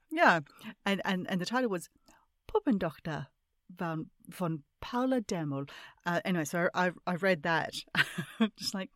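A woman hosting a casual interview, chatty and quick to laugh, with many restarts. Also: lowish voice, lively intonation, fairly bright tone, no echo, studio quality. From Australia. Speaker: podcast host.

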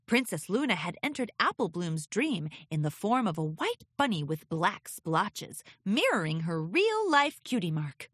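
A woman reading a children's storybook aloud with expressive, lilting narration. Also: lowish voice, a little slow, hardly any pauses, slightly rough, no room sound, studio quality. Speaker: audiobook reader.

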